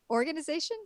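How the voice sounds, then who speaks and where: A woman's voice: high-pitched, warm tone, dry recording, clean studio sound. A woman on a casual podcast, rambling through a plot recap with lots of ums. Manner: rambling plot retelling with many fillers. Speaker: guest reviewer.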